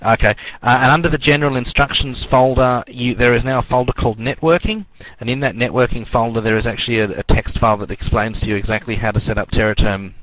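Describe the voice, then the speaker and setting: A man teaching an online networking class in a relaxed, rambling way with many fillers. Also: mid-range voice, fast, few pauses, dry recording, poor audio. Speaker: networking course instructor.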